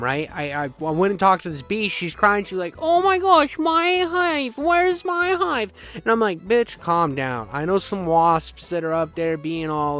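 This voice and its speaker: Excitable young man, high lively voice. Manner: excitable, crude slang-heavy rambling. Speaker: game reviewer. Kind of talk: casual game retrospective commentary.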